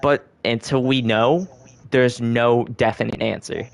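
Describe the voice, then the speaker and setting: A man's voice: mid-range voice, fairly even intonation, a little slow, creaky, dry recording. A young man hosting a casual podcast, rambling and swearing freely, often correcting himself as he goes. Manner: rambling, profane, self-correcting. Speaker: podcast host. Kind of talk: casual conspiracy chat.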